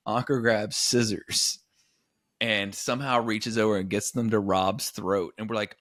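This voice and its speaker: A man in his forties co-hosting a comedy podcast, telling stories in an animated way. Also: on the low side, normal speed, no room sound, studio quality. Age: 40s. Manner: animated storyteller, jumps into voices. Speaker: podcast co-host. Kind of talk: casual comedy chat.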